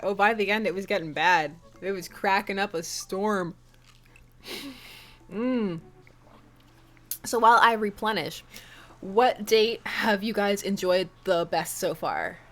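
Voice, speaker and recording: A woman's voice: medium pitch, a bit bright. A young woman streaming a dating game, reading it aloud and chatting playfully with her viewers, laughing often.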